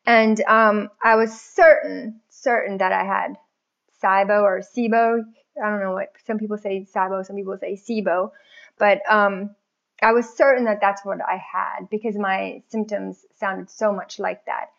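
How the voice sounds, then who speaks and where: Woman guest, animated and chatty, recounting her story; mid-range voice, muffled lo-fi recording. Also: medium pitch, measured pace, vocal fry. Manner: chatty, animated, laughs often. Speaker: podcast guest. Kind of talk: casual personal story.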